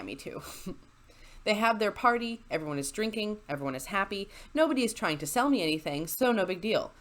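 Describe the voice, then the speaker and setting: A woman narrating a story into a desk microphone, chatty and sarcastic, with frequent laughs between lines. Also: lowish voice. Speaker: YouTuber reading stories. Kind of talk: storytelling with asides. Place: home desk with squeaky chair.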